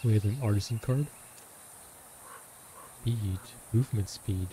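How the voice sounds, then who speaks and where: A man's voice: fairly low pitch, unhurried, background noise. A man giving casual commentary over a survival game, chatting and musing aloud as he plays. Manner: chatty, muses aloud, reads in-game text. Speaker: gameplay commentator.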